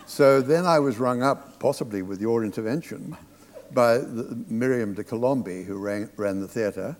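A man, a theatre director, telling anecdotes to an audience, halting and restarting as he goes. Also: on the low side, darkish tone. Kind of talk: storytelling on stage. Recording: long reverb of a hall.

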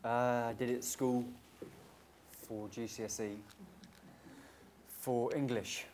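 A man's voice: medium pitch, fairly even intonation, takes it slowly, noisy background. A man, an actor, telling an anecdote on a stage panel in a dry, understated way.

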